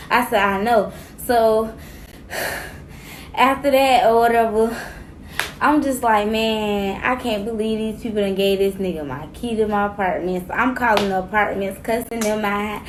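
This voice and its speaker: A woman's voice: mid-range voice, measured pace, a little hiss or hum. A woman, telling a dramatic personal story in a casual, slangy way and acting out what others said. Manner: animated, acts out quotes, slangy.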